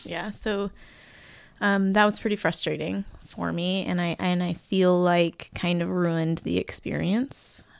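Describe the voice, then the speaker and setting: Woman, low gravelly voice, dry close sound, hesitant casual gaming talk. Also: little pitch movement, unhurried, no echo. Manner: hesitant, many fillers, laughs easily. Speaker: co-host.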